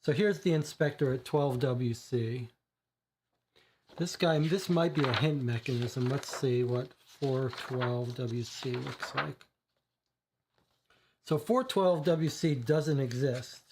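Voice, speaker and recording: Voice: mid-range voice, takes it slowly, background noise. A livestreamer playing a co-op detective board game, thinking aloud with many fillers and reading the case text. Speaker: board game player and streamer.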